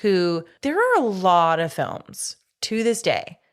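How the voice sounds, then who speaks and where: A woman's voice: on the low side, very animated, slow pace. A woman co-hosting a podcast, chatting casually and enthusiastically, swearing often and using many fillers. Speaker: podcast co-host. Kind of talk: casual chat.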